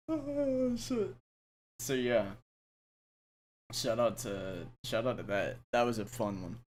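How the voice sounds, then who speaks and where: A man's voice: mid-range voice, big pitch swings, slow pace, pauses often, darkish tone, slight background noise. A young man co-hosting a casual podcast, rambling through stories with restarts and frequent giggles. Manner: rambling storyteller with many restarts and fillers, giggly. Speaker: podcast co-host. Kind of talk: casual chat.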